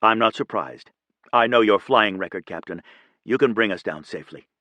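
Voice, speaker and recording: A man's voice: on the low side, expressive, normal speed, bright, forceful tone, no room sound. A man doing a reassuring old Navy pilot. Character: older male senior pilot, ex-Navy, reassuring.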